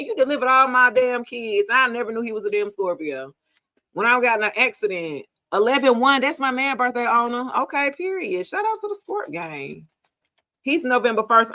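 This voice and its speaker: A woman's voice: mid-range voice, fairly bright tone. A middle-aged woman from the United States, reading tarot for viewers on a casual livestream, playful and chatty with frequent laughter.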